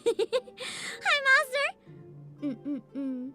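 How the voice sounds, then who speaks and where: A young woman VTuber chatting on her livestream, her voice very high and bright with a lot of bounce in the pitch. She laughs often, swears freely and rattles off chat names as they come in, while faint game music plays underneath. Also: very animated, a little slow. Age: 20s. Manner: reads out and greets chat names. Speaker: VTuber streamer.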